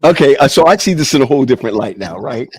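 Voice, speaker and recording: A man's voice: mid-range voice, animated, racing, husky, dry recording. A man in a casual group chat speaking reflectively, stammering on restarts. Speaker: panelist.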